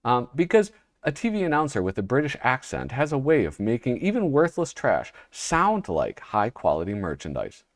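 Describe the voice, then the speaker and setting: A man's voice: medium pitch, wildly swooping pitch, normal speed, dry recording, studio quality. A man hosting a casual show, flipping through an old humor magazine and reading the panels aloud with a wry, rambling manner. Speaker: host.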